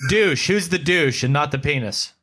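High, bright-voiced wisecracking man. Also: expressive. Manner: wisecracking, quick quips. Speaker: podcast co-host. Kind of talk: casual movie-review chat.

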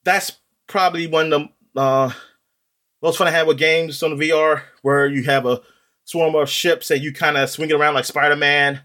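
A man's voice: a little high, steady tone, moderate pace, pushed and bright. A man chatting casually in a podcast, rambling with many ums and restarts. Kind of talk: casual chat about video games.

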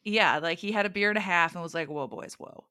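A woman co-hosting a podcast in casual chat, playful and enthusiastic with frequent laughter. Her voice sits a little low but sounds bright and forward. The recording is dry and close. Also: fast talker, clear, resonant tone, no echo. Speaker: podcast co-host.

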